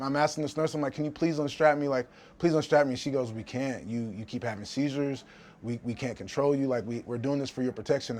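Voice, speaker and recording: Animated storytelling male fighter. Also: medium pitch, a little hiss or hum. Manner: animated, acts out quotes, frequent restarts. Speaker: MMA fighter interviewee. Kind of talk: casual storytelling interview.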